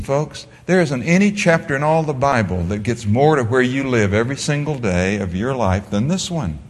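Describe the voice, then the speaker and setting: Animated preacher in a reverberant hall. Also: male voice, medium pitch, slightly rough. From Netherlands. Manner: animated preaching, drops to a soft storytelling voice. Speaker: pastor. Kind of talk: sermon.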